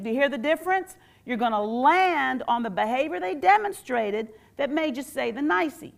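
A woman teacher gives an animated workshop talk, quizzing her audience and acting out phrases. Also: high voice, normal speed, vocal fry, few pauses. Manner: animated, quizzes the audience with call-and-response questions; acts out quoted phrases in playful voices. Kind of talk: live interactive workshop talk.

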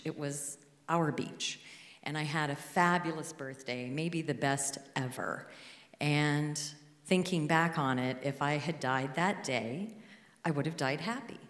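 A woman from Alaska telling a true story on stage with a handheld mic, dramatically acting out the people in it. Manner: dramatic, quotes husband in a high panicked voice. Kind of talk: live storytelling. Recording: echoey hall.

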